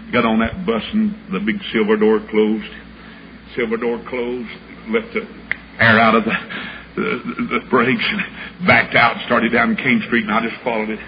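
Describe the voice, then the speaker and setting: A man preaching, telling a folksy story and acting out the voices in it, building up to shouts. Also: mid-range voice. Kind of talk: storytelling sermon. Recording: dull lo-fi recording with clear background hiss.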